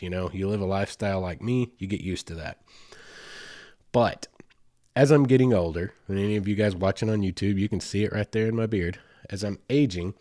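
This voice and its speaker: A man's voice: on the low side, darkish tone, no room sound, clean studio sound. A man in his forties with a Southern US accent, hosting a podcast and telling a rambling, casual story full of asides. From Southern United States. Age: 40s. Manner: chatty and rambling, with asides and fillers. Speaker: podcast host.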